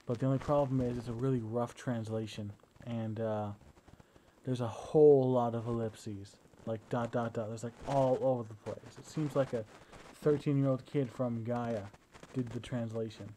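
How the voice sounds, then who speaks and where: A young man with a mellow, warm voice rambles through a casual video diary meant for his partner. He talks at a middling pitch into his phone at home, with a faint hiss behind him. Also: fairly even intonation, normal speed, low-quality recording. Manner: rambling, chatty storytelling. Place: at home indoors.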